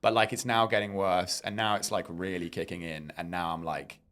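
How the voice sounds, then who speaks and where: Fast-talking young man telling a story. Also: deep voice. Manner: rambling, animated retelling with quoted dialogue. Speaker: podcast co-host. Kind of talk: casual storytelling chat.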